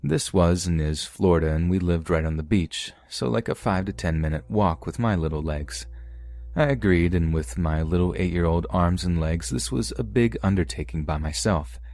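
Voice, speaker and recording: A man with a very low, deep voice reads first-person true horror stories aloud. His delivery is steady and measured, plain storytelling without theatrics. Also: no room sound. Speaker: podcast narrator.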